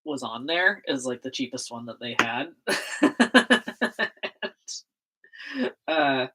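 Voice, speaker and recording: Woman, low voice that swings up and down a lot, rambling casual livestream chat, laughs often, lots of fillers. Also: big pitch swings, takes it slowly, pushed and bright, slightly rough, rough recording. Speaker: livestreaming zine maker.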